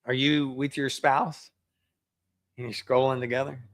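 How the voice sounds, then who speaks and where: A man's voice: medium pitch, level tone, a little slow, fairly bright tone, no echo. A man preaching a sermon as a pastor, in a conversational way that acts out everyday excuses.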